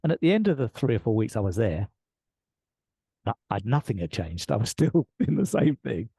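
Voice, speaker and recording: An Englishman speaks as a podcast guest, telling a personal story in an earnest, reflective way with the odd soft laugh. His voice is warm and a little husky. The recording is dry and close. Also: medium pitch, big pitch swings, moderate pace, no echo. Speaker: podcast guest, leadership coach. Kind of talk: conversational storytelling.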